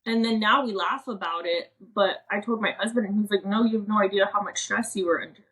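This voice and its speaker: A woman's voice: mid-range voice, a little fast, a bit bright, poor audio. A woman in her thirties telling a personal story in a candid, emotional way, quoting herself and others as she chats on a podcast. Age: 30s. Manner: emotional, earnest, quotes herself and others in a casual chatty way. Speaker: podcast co-host.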